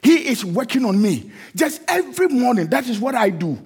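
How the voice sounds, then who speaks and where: A middle-aged pastor, not a native English speaker, preaches in a high, husky voice. He swings widely in pitch and often breaks into chanted, sung refrains. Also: big pitch swings, normal speed, a little mellow. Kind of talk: sermon.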